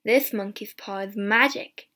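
A woman reading the part of a grave old male soldier who warns the others, in a slow, earnest storybook voice. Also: medium pitch, pushed and bright. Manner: earnest, cautionary.

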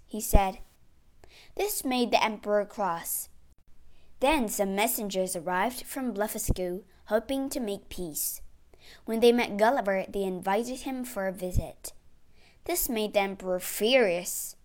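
Slow, expressive woman storyteller. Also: medium pitch. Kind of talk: storybook reading.

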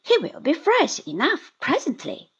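A woman voicing a calm young man. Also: high voice, a little slow, voice pushed up, exaggerated voice. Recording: dull lo-fi recording.

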